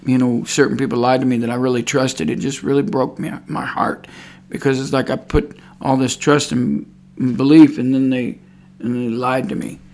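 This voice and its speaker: A man's voice: medium pitch, flat delivery, moderate pace, a little mellow. A man preaching an informal sermon, rambling and repeating himself, and sometimes growing fervent. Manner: rambling, repeats words, grows fervent and cries out praise.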